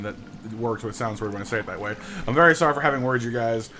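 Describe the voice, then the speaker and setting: A man livestreaming a game greets his chat and tells a rambling story, stammering through restarts and repeating words as he begins sentences. His mid-range voice is expressive, quick and sharp, with a little hiss or hum in the audio.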